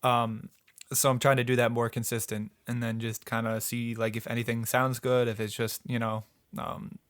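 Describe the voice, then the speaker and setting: Guy hosting a podcast, kinda monotone, says like a ton, dry mic. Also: medium pitch, moderate pace, no echo. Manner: rambling, lots of "like" and "um" fillers. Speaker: podcast co-host. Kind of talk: casual podcast chat.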